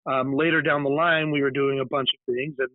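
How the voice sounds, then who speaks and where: Speaking briskly and flatly at a medium pitch, this Californian man is a guest author who investigates the paranormal. In a casual interview, he spins a long, digressive tale full of false starts. The recording is dry and thin, like a phone call.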